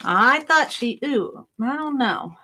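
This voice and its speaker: A woman's voice: high voice, expressive, slow, sharp tone, a little hiss or hum, poor audio. A middle-aged woman chatting cheerfully while she crafts at home, thinking aloud as she works. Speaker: craft vlogger. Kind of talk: casual crafting vlog chat.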